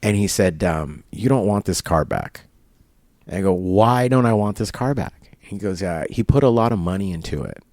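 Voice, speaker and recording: A low-voiced man recounts a frustrating ordeal to an interviewer, slipping into quoted voices and laughing as he goes. The sound is close and dry, recorded in a barber shop. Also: moderate pace, no room sound. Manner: animated retelling with quoted dialogue and laughs. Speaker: interview guest. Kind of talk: storytelling in casual conversation.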